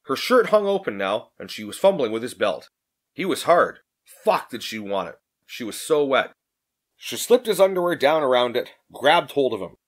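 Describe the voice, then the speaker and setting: A man narrating an audiobook in an expressive reading. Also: mid-range voice, normal speed.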